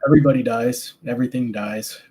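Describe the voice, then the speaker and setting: A man with a husky, slightly breathy voice talks casually in a relaxed chat. He sounds easygoing and a little hesitant, often pausing and restarting as he works through his thoughts. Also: mid-range voice. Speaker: band member.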